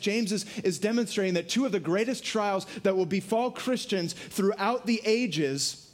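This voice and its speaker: High-voiced preaching man. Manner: animated, dropping low for emphasis, acting out quotes. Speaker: pastor. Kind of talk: sermon.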